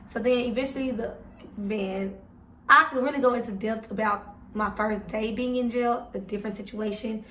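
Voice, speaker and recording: Animated woman vlogger, echoey room. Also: on the high side, slight background noise. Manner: animated and profane, talking straight to viewers. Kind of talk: casual storytime. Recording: echoey room, mic at a distance.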